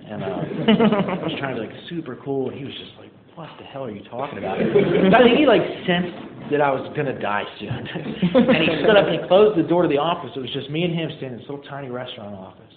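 A man's voice: a little high, sing-song, quick pace, crowd noise. A man telling his recovery story to a live audience in a casual, self-mocking way, full of fillers and acted-out quotes. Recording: tinny, echoey hall recording.

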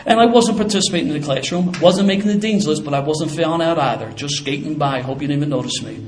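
An older man tells his story fast, in a casual, streetwise way. His voice sits a little high for a man. Faint room sound runs underneath. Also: a little hiss or hum. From Philadelphia. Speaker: former police officer. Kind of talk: personal storytelling.

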